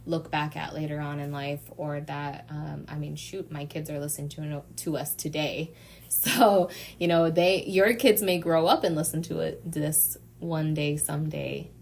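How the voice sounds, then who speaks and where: A middle-aged woman co-hosting a casual podcast, heartfelt and quick to laugh. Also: deep voice, fairly even intonation, creaky, a little hiss or hum. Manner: warm, heartfelt, laughs often. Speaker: podcast co-host. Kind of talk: casual chat.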